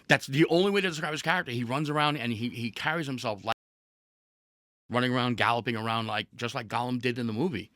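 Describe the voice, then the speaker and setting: A man's voice: mid-range voice, fairly quick, fairly bright tone, no room sound, studio quality. A man hosting a casual podcast, telling a story with energy, with laughs and restarts along the way. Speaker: podcast host.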